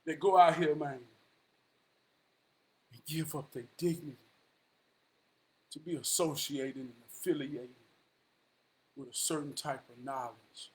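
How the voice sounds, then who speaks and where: Man, high voice, loose motivational vlog ramble, drawling. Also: fairly even intonation, unhurried, long pauses, darkish tone. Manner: drawling, calls listener "man" often. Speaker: vlogger.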